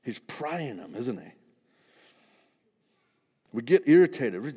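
A man preaching a sermon in a conversational, animated way, acting out the disciples with humor. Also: medium pitch, takes it slowly, breathy edge, in a large hall. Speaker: pastor.

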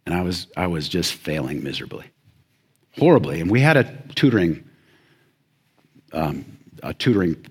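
A man preaching a sermon as pastor, swinging between loud emphatic passages and hushed ones. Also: sits low, breathy edge.

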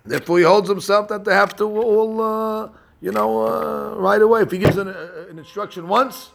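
Man, gravelly, slightly high voice, Torah class, acts out scenes, lots of restarts. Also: normal speed, slight background noise. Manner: animated storyteller acting out scenes; frequent restarts and fillers. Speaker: rabbi teaching a class.

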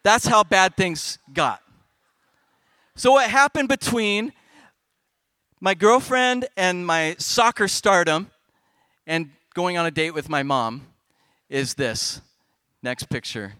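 A middle-aged man speaking on stage at a youth festival, telling a comic personal story to kids with big swings in loudness. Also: on the high side, no echo.

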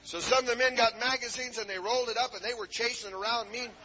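High, bright-voiced fervent preacher man. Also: steady tone, quick pace, slight background noise. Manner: fervent, punctuates with hallelujahs, many "uh" fillers, climbs to shouts. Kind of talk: fiery Pentecostal sermon. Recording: dull lo-fi 1970s tape.

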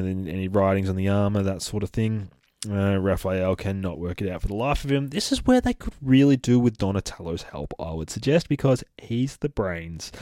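Man, casual comic recap, lots of swearing, lowish voice, dry close sound. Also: dry recording. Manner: sweary, animated retelling with laughs. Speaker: comic book podcast host.

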